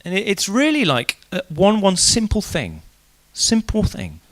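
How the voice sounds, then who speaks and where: A man's voice: sits high, a little slow. A man preaching an evening church sermon in a casual, conversational way, telling the story animatedly. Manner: animated storytelling, acting out quoted voices.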